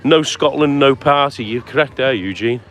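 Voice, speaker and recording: A man's voice: mid-range voice, moderate pace, fairly bright tone. A man live-streaming a walk outdoors, chatting and greeting viewers by name as he goes. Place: outdoors on town streets at sunset. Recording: faint outdoor street noise.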